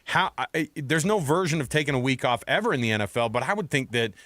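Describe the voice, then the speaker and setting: A man's voice: mid-range voice, animated, quick pace, a bit bright, no echo. A man hosting a sports radio show, talking enthusiastically and rambling, with frequent restarts, into a studio microphone. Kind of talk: casual sports radio chat.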